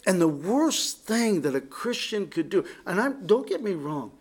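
A middle-aged male pastor preaching an impassioned, sarcastic sermon that rises to loud, emphatic peaks. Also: sits high, big pitch swings, a little slow, slightly rough.

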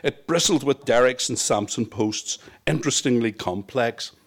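Narrating his memoir in the first person, this Northern Irish man has a medium-pitched voice and a moderate pace. His storytelling manner is wry and reflective.

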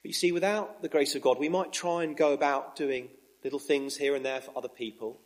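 A man preaching a sermon in an earnest, measured way, with emphatic rises. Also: medium pitch, steady tone.

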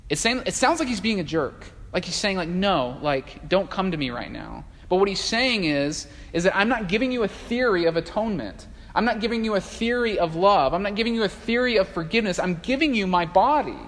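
Man, pastor, sermon, conversational, animated, fillers and restarts, long church reverb. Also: sits high, fairly quick, few pauses.

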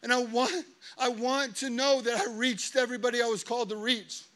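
A man in his thirties preaching a sermon, telling a story with lively acted-out quotes and confessional asides. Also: very high voice, brisk. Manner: animated storytelling, acting out quotes. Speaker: pastor.

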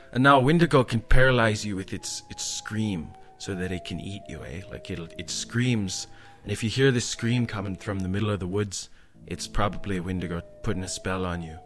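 A storyteller guest casually spins a spooky tale, rambling and tagging his lines with frequent "eh" and "like." His voice sits lowish and moves at a moderate pace, with soft music playing in the background.

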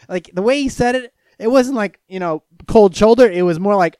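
A young man from Florida rambles through stories and chat questions, cursing freely. His pitch swings widely as he gets worked up, and the sound is dry and close with no room echo. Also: a little fast, clean tone. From Florida, USA. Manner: profane, storytelling, lively swings in pitch and loudness. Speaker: streamer answering chat questions.

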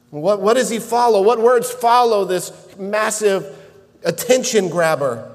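A man preaching a sermon, earnest and measured, building to emphatic shouts at key points. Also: high voice, in a large hall. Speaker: pastor.

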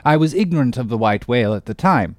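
A man's voice: mid-range voice, expressive, fast, no room sound, clean studio sound, lightly acted. A man voicing a good-humoured, one-armed English sea captain in an audiobook reading, telling a rambling, hearty tale. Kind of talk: audiobook character voice.

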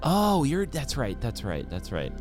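Male podcast co-host, thirties, loose rambling banter with an animated, bouncy delivery. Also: mid-range voice, soft background music. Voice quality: rambling, halting with restarts. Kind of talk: casual banter.

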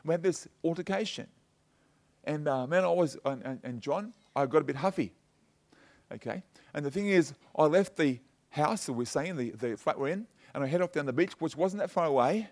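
This is a middle-aged male pastor with a notably high-pitched voice. He preaches in a loose, chatty way, telling personal stories and leaning on "you know" and "okay?" to keep the congregation with him. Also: expressive, normal speed, darkish tone. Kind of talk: conversational sermon.

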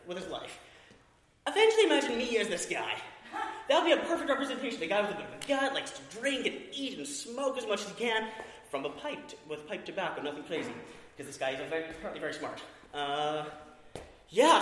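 A young man telling a rambling comic story to a live audience, laughing as he goes. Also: sits high. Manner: rambling, animated, laughing as he talks. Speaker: performer. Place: coffee house event hall. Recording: echoey hall with faint noise.

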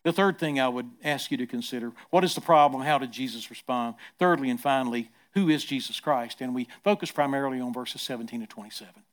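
A middle-aged man preaching a sermon as pastor, swinging from quiet, soft passages to loud, emphatic ones and repeating words as he builds. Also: medium pitch, fast talker, few pauses.

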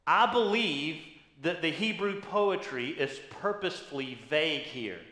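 Bright, high-voiced pastor preaching. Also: male voice, lively intonation, unhurried, reverberant. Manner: emphatic teaching, rhetorical questions. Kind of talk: sermon.

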